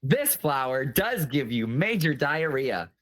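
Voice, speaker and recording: Campy, lively-voiced game host. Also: medium pitch. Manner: campy, quick teasing. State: tired. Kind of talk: casual comedic game hosting.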